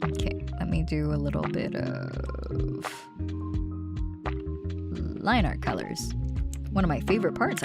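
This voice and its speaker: Chatty, animated woman streamer. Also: mid-range voice. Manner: chatty and playful, reads aloud then jokes. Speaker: streamer and artist. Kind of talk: casual livestream chat while drawing. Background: background music.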